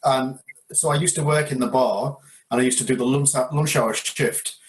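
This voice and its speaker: A man's voice: medium pitch, moderate pace. English male co-host, easygoing anecdote teller, plain mid voice. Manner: relaxed, storytelling with fillers. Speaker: podcast co-host. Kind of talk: casual storytelling chat.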